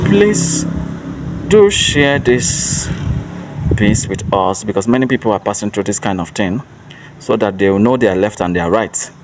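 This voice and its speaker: A man giving an earnest motivational monologue as a self-help speaker, repeating rhetorical questions. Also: fairly low pitch. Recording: distant mic with faint traffic noise.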